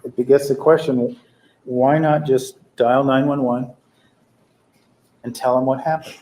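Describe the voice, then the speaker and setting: A prosecutor cross-examining a witness in a courtroom, asking pointed, probing questions. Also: male voice, mid-range voice, fairly even intonation, unhurried, warm tone, rough recording.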